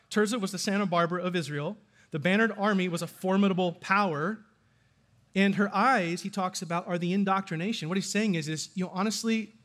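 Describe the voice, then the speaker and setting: A middle-aged male pastor with a high voice. He preaches in an animated way and keeps asking the congregation questions. He jumps up into an even higher register for emphasis. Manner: animated, asks the audience questions. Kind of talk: sermon.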